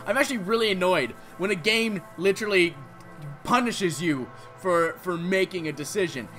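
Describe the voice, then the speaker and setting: Guy doing a let's play, reads the game text out then swears and rants, slightly high voice, music going underneath. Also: moderate pace. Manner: swears freely, flares into loud annoyed rants. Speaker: gameplay streamer.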